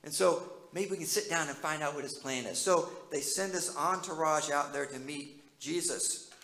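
A man's voice: on the high side, normal speed, vocal fry, pushed and bright, reverberant, low-quality recording. A male pastor preaching a sermon in a conversational way, often asking his listeners questions.

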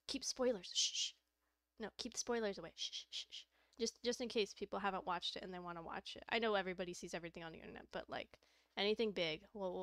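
A young woman chatting on her stream in a rambling, excitable way, breaking into laughter and swearing casually. Her voice sits at an ordinary middle pitch. She speaks close to a desk mic in a dry, deadened room. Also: clean tone, no echo.

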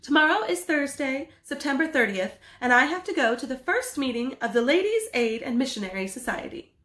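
A woman's voice: high-pitched, big pitch swings, fairly quick, fairly bright tone, voice pushed up. A woman voicing a fussy, practical middle-aged housewife in a storybook reading, speaking in a scolding, exclamatory way. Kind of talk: storybook read-aloud. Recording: echoey room.

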